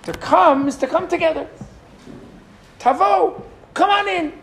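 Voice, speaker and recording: A man's voice: very high-pitched, measured pace, vocal fry, a bit bright, a little hiss or hum. A middle-aged man teaching a Torah lesson to a classroom, asking the students questions and reading Hebrew verses aloud.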